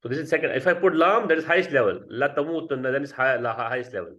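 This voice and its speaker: A man's voice: medium pitch, very fast, a bit bright. A man teaching a grammar class, explaining step by step and often checking with students. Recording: dull lo-fi sound.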